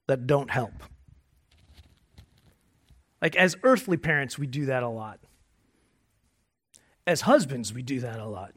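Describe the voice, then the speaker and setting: A man preaching a sermon as pastor, conversational and joking, moving between quiet asides and loud emphasis. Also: medium pitch, big pitch swings, measured pace, pauses often, breathy edge. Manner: conversational and self-deprecating humor.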